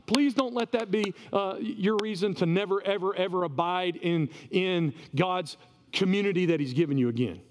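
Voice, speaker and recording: A male pastor giving a sermon in a conversational, animated way, often repeating words as he goes. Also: high voice, normal speed. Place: church. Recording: reverberant church hall.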